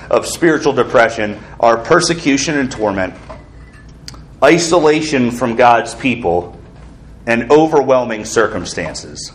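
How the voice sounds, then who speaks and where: A man's voice: medium pitch, slight background noise. Man preaching an earnest sermon. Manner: earnest, asks the congregation questions. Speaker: pastor.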